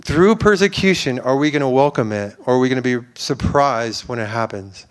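Man preaching, earnest, rambling, smooth clear voice, mid pitch. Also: brisk. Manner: earnest, rambling, many fillers and restarts. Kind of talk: informal sermon.

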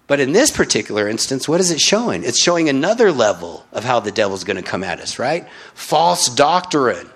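A man's voice: mid-range voice, big pitch swings, fast talker, few pauses, fairly bright tone, slightly rough. A man preaching in an informal Bible-teaching style, often checking in with his listeners. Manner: informal, keeps asking "right?".

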